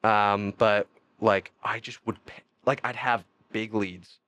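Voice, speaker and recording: This Canadian man, guesting on a podcast, takes his time telling meandering stories in relaxed conversation. He laughs a lot and his pitch jumps around animatedly, with no room sound in the recording.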